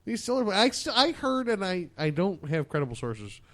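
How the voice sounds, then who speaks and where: A man with a fairly high voice co-hosts a podcast, throwing in jokes and skeptical questions as the talk goes on. His delivery is loose and chatty, and he often breaks in on his partner. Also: big pitch swings, a little fast, fairly bright tone. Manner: joking, skeptical banter. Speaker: podcast co-host. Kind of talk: casual chat.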